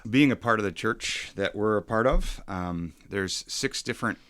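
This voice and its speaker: A pastor in his forties who talks in a halting, reflective way, with many ums and restarts. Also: lowish voice, fairly bright tone, slight background noise. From suburbs of Chicago. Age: 40s. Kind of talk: casual podcast conversation.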